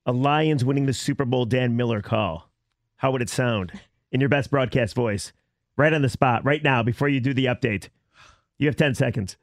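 A man's voice: medium pitch, moderate pace, no echo, clean studio sound. A man co-hosting a sports radio show, needling the others playfully. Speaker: radio co-host.

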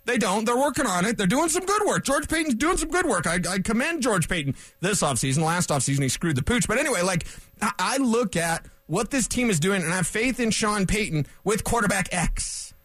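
A man hosting a solo sports talk radio show in a studio, fired up and loud, rambling with sarcastic asides. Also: sits high, sing-song, brisk, no room sound.

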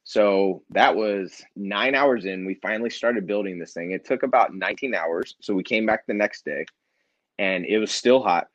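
A man, a nonprofit founder and interview guest, telling a personal story in casual conversation and acting out quoted dialogue with lively energy. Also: fairly low pitch, moderate pace, no room sound, highs cut off.

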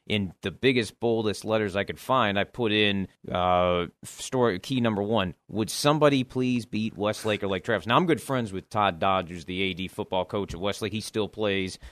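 A man, a sports journalist guest, telling wry stories and analyzing high school football. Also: moderate pace, hardly any pauses, a bit bright, dry recording. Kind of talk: casual sports chat.

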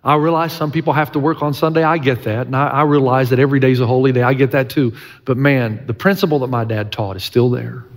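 A man's voice: mid-range voice, steady tone, fast, few pauses. A middle-aged male pastor preaching a sermon, earnest and emphatic, with folksy humor and repeated key lines. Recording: long church-hall reverb.

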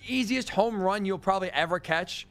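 Sports radio host, male, higher voice, incredulous rants, faint music bed underneath. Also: moderate pace, a bit bright. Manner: incredulous, ranting storyteller. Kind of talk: sports talk radio chat.

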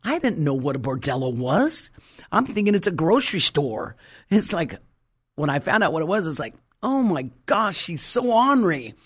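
A woman's voice: low voice, big pitch swings, husky. Emphatic woman preacher telling stories. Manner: emphatic, stretches key words slowly. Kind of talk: storytelling sermon.

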